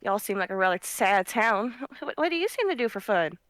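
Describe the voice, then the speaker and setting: A woman's voice: medium pitch, very animated, fairly quick, a bit bright, no room sound, studio quality. A woman voicing a flirtatious female cat adventurer who teases and coaxes in a loose put-on accent. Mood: coaxing. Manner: teasing, coaxing, with a faltering put-on accent.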